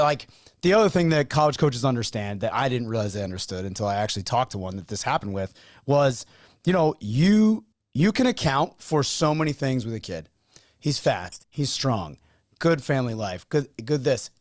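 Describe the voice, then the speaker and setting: Man telling lively stories, dry sound. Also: mid-range voice, dry recording. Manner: animated storyteller acting out quoted dialogue. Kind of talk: casual podcast chat.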